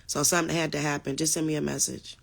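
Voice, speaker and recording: A woman's voice: low voice, flat delivery, fast, gravelly. A middle-aged woman hosting a livestream, casually reading and answering viewer comments and addressing them as y'all.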